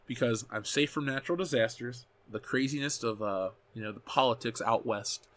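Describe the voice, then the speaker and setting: At a normal pace and medium pitch, a man in his thirties reads viewer comments aloud on a casual chat show. He's animated, swears often, and fixes his wording mid-sentence.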